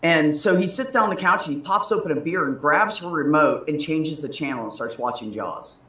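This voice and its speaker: A woman's voice: sits low, expressive, a little fast, a bit bright, distant mic. A woman in her thirties hosting a casual livestream chat, telling a story in a profane, heated way. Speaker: livestream host. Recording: roomy echo.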